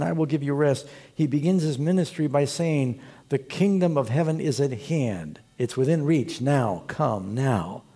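A man preaching a sermon as pastor, telling the story with animated, storytelling delivery. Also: a little high, husky.

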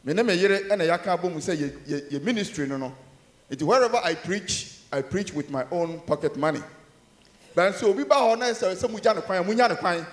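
In a reverberant church, a man with a Ghanaian accent preaches a sermon mixing Twi and English. He's emphatic, swinging between loud rises and low murmurs.

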